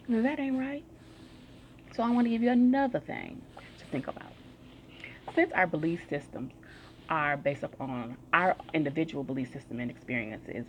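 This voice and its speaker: A woman's voice: low voice, a little hiss or hum. A woman giving a casual self-help talk, telling everyday stories in a chatty, slangy way. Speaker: motivational speaker.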